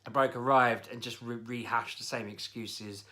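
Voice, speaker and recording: A man ranting in a casual vlog, his voice bright and cutting. He talks like someone fed up and grumbling, piling one complaint onto the next as he tells his story. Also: medium pitch, fairly even intonation, moderate pace. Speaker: vlogger. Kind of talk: casual spoken rant.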